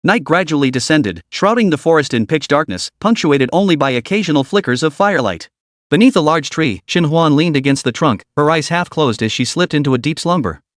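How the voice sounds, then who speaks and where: A man narrating a comic story recap in a dramatic, even read. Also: fairly high pitch, fairly quick, no echo, studio quality.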